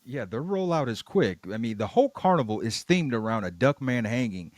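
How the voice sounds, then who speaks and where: A man's voice: medium pitch, expressive, a little fast, darkish tone, no echo. A man co-hosting a podcast who recaps a cartoon episode in a laid-back way, with dry jokes about the plot. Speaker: podcast co-host.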